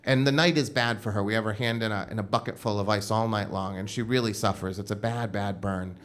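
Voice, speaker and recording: A man's voice: fairly low pitch, fairly even intonation, a little fast, fairly bright tone. A man telling a personal story on stage at a live show, casual and comic, with frequent "like" fillers. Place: live show at a club venue.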